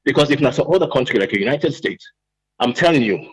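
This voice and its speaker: A man with a Sierra Leonean accent calling into a radio show, talking in an agitated, emotional way with many halting restarts. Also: medium pitch, lively intonation, husky, low-quality recording. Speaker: radio call-in caller. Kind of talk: impassioned call-in rant.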